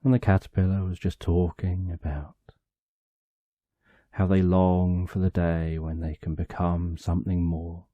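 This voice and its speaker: In a very dark, low voice, this man tells a sleep-time bedtime story at an unhurried pace. He stays calm and drawn out, letting long pauses fall between short phrases, and the dry recording sounds a little dull.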